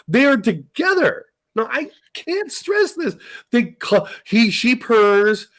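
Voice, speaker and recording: A man's voice: extremely high pitch, sing-song, takes it slowly, fairly bright tone. A man from California's Central Valley hosts a casual livestream chat. He rambles, swears freely and often restarts his sentences. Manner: rambling, profane, many restarts. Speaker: show host.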